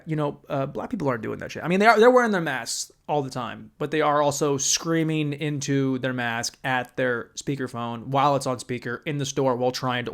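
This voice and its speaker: A young man hosting a podcast alone, delivering a profane, animated comedic rant and acting out other people's voices. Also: mid-range voice, vocal fry. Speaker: podcast host.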